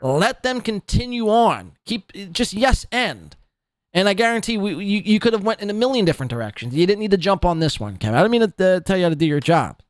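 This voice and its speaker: Podcast host guy, sweary sarcastic rant, lively up and down delivery. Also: high-pitched, brisk, no room sound. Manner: profane, sarcastic ranting. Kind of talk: reacting to clips with commentary.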